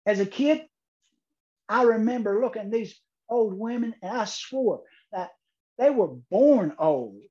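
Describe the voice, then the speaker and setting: A man delivers a comic speech, letting the pauses do the work. His voice is unhurried and mellow. It comes through muffled online conference audio. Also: high-pitched, animated. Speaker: keynote speaker. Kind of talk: humorous contest speech.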